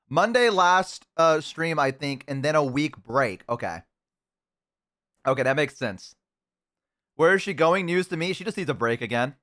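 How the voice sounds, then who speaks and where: Speaking at a normal speed in a slightly high, fairly bright voice, a man streams while eating and chats casually with his audience. He rambles, makes fun of himself, and fills his talk with fillers and restarts.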